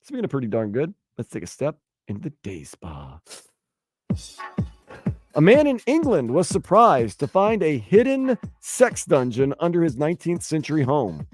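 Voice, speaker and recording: A man hosting sports talk radio, bantering and joking in a lively way. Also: fairly high pitch, moderate pace, dry recording, soft background music. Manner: animated, jokey, puts on silly voices for stories. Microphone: studio microphone.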